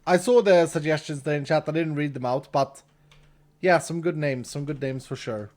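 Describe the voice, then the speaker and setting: A man's voice: on the high side, normal speed, darkish tone. A man streaming a game live, chatting casually with his viewers, reading chat, thanking donors and laughing easily.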